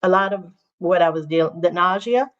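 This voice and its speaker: Lowish voiced woman chatting on her livestream, repeats stuff for emphasis, kinda muffled audio. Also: a little fast. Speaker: teacher and livestream host. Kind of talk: casual livestream chat.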